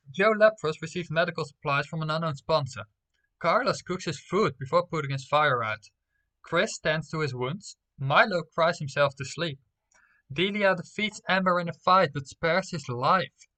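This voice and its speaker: A man's voice: fairly high pitch, bright, forceful tone. A young man streaming live, reading out game results and talking playfully to his viewers. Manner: playful, talks straight to viewers.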